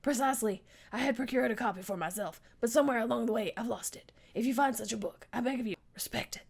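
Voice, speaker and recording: A woman voicing a gruff, repentant male spork monster in a strained, gravelly voice, solemn and theatrical. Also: fairly high pitch, fast, voice pushed up.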